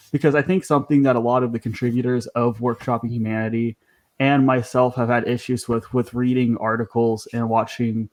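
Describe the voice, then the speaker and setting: A man's voice: mid-range voice, darkish tone. A man hosting a podcast, talking casually and chattily, with frequent ums and restarts. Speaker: podcast host.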